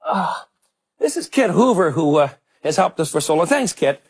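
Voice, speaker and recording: A middle-aged man hosting a cooking demonstration in a studio kitchen, his voice a little husky and somewhat high. He talks in a chatty, enthusiastic way and exclaims over the food. The sound is that of a 1980s television broadcast. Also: big pitch swings, moderate pace. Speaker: cooking show host.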